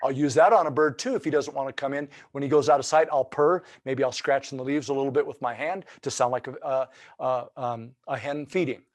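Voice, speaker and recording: A man's voice: medium pitch, steady tone, a little fast, no echo. A man giving a webinar lesson on turkey hunting, explaining calls in a folksy, loose way with many restarts.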